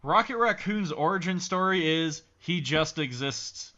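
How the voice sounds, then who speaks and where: Bright-voiced man explaining comic lore. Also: sits high, expressive, measured pace. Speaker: podcast co-host. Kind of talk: casual chat. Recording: dull lo-fi podcast recording.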